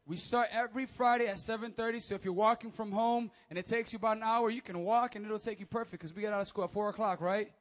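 A young man, a youth pastor, giving energetic, joking announcements and preaching to teens, often calling for amens. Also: high-pitched, fast, hardly any pauses.

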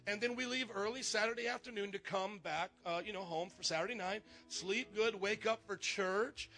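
A man making lively, joking announcements from the pulpit of a church, calling out to the congregation. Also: high voice, moderate pace. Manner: animated, joking, calls out to the congregation. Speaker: pastor. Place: church sanctuary.

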